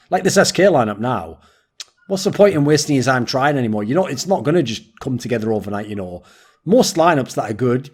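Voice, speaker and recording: A man's voice: mid-range voice, slightly rough. A man hosting a casual esports round-table discussion, telling stories with boastful, swearing banter. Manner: animated storytelling with quoted voices.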